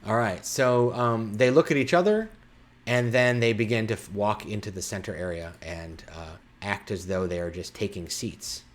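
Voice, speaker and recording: Low-voiced man running a tabletop game. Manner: halting, many fillers and restarts. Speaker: game master.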